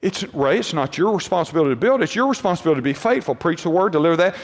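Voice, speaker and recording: A man's voice: fairly high pitch, expressive, rapid-fire, in a large hall. A man pastor preaching a sermon to his congregation, conversational, with rhetorical questions and repeated points.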